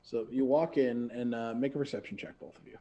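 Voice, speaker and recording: A man narrating as game master in a relaxed way, often pausing with fillers. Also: mid-range voice, dull audio.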